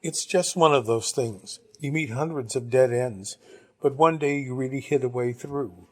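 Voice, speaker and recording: A man reading a novel aloud, narrating in the first person at a measured pace. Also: mid-range voice, darkish tone. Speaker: audiobook reader.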